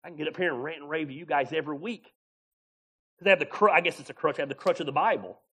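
A male pastor preaching a sermon in a folksy, animated way, laughing often and acting out different voices. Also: a little high, racing, breathy edge. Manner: animated preaching, acts out voices of God and Moses.

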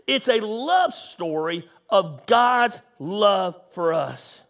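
A middle-aged man preaching a sermon as pastor, impassioned and emphatic, slowing down on key lines and rising into shouts. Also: high voice, expressive.

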